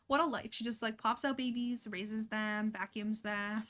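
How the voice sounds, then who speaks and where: A woman's voice: a little high, steady tone, unhurried, fairly bright tone. A young woman chatting casually as she streams a life-sim game, talking to her characters and laughing often. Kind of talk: casual gameplay commentary.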